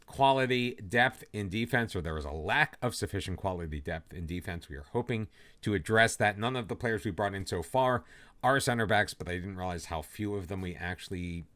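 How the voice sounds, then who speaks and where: A man's voice: deep voice, a little fast. A man hosting a football manager let's play, talking casually and poking fun at himself. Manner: chatty, self-deprecating, lively ups and downs. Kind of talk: casual gameplay commentary.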